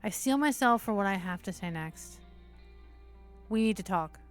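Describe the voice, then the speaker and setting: A woman's voice: medium pitch, normal speed, soft background music. A woman hosting a stream who reads a visual novel aloud, with casual, cursing asides between passages. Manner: steady narration broken by casual swearing asides. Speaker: streamer, host.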